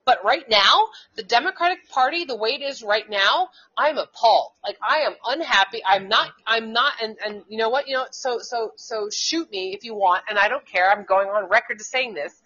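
A woman's voice: fairly high pitch, normal speed, hardly any pauses, bright, forceful tone. A woman co-hosting a casual political talk show, speaking heatedly and in a rambling way, with many restarts and curses. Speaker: co-host; schoolteacher. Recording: dull lo-fi internet radio sound.

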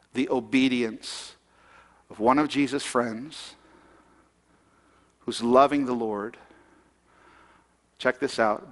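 A man's voice: medium pitch, long reverb tail. A man preaching a sermon in a conversational way, asking the congregation questions. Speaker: pastor.

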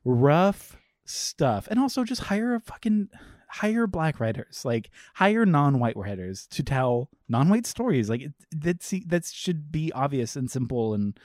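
A young man co-hosting a podcast in casual chat, animated, swearing freely and acting out quotes from a movie. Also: fairly high pitch, a little slow, dry recording, studio quality. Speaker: podcast co-host.

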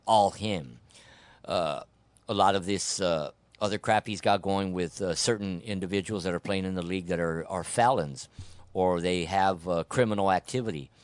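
A man's voice: low-pitched, smooth, dry recording. A man hosting a casual sports and politics podcast, blunt and opinionated, restarting his sentences as he talks. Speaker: podcast host.

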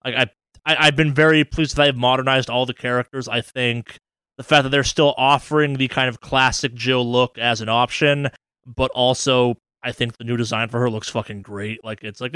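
Smooth-voiced man in loose gaming chat. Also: mid-range voice, fairly even intonation, normal speed, pushed and bright, no room sound. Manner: enthusiastic, rambling, swears freely. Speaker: podcast co-host. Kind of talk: casual gaming news chat.

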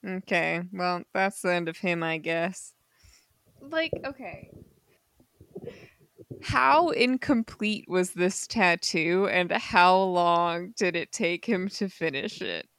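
A woman's voice: fairly low pitch, expressive, slow pace, a bit bright, smooth, no room sound. A woman co-hosting a podcast, recapping a comic in casual chat with unsure asides and easy laughs. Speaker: podcast co-host.

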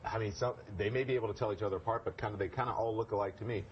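Male anchor, rapid and anecdotal, from a muffled lo-fi TV clip. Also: lowish voice, steady tone, noisy background. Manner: chatty anecdotal storytelling. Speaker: news anchor. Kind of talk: on-air conversation. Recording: dull lo-fi broadcast clip.

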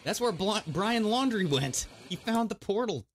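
A man's voice: high-pitched, animated, normal speed, a crowd in the background. A man co-hosting a casual podcast, joking, swearing and laughing as he reads out odd news stories. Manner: jokey, swearing, breaks into laughter and silly voices. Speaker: podcast co-host. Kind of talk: casual chat.

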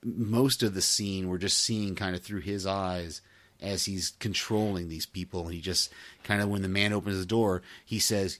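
A man's voice: sits low, steady tone, normal speed, fairly bright tone. A man co-hosting a podcast, chatting casually and laughing often between restarts. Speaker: podcast co-host. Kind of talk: casual chat.

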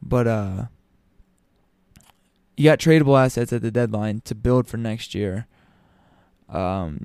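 A man's voice: medium pitch, warm tone, smooth, no room sound, studio quality. A man talking casually to his audience as a commentator, opinionated, with frequent ums and restarts. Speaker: sports commentator. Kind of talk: casual basketball talk.

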